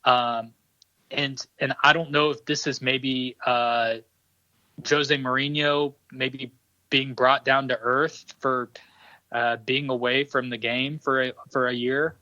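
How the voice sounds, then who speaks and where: Bright-voiced man with measured analysis, muffled mic. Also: mid-range voice, flat delivery, no room sound. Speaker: podcast co-host. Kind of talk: casual sports chat. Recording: dull, dry home recording.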